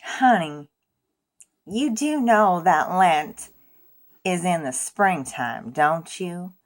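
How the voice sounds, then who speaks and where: A woman's voice: lowish voice, expressive, drawn-out words. A woman voicing a sweet, folksy old woman on a mobility scooter who calls everyone sweetheart. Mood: puzzled. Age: older.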